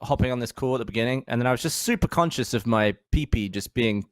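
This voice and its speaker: A man's voice: medium pitch, lively intonation, fast, no echo. A man on a podcast asking curious, probing questions. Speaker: podcast co-host. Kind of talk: casual podcast chat.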